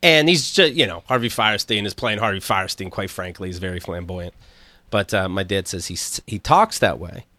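A man's voice: low voice, moderate pace, pushed and bright, no echo. A man co-hosting a casual comedy podcast, telling anecdotes and mimicking his father. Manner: storytelling, mimics his dad, laughs often. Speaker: podcast co-host.

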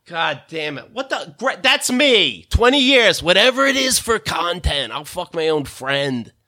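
A man with a bright, fairly high voice hosts a podcast and rants through a story about a falling-out. He swears freely and swings his pitch all over the place, laughing at his own outrage. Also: measured pace, no room sound, clean studio sound. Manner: animated, profane, laughing between rants. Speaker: podcast host. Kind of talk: casual ranting storytelling.

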